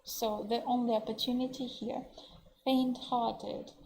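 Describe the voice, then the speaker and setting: A woman with a Russian accent teaching English vocabulary in an online webinar, explaining words slowly and translating them into Russian. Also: fairly high pitch, little pitch movement, background noise. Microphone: computer mic on a webinar.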